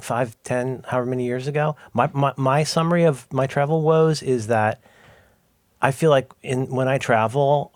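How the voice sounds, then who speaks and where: A man's voice: medium pitch, no room sound, clean studio sound. A middle-aged man co-hosting a podcast, chatting casually in rambling, self-interrupting, jokey stories. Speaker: podcast co-host. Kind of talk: casual chat.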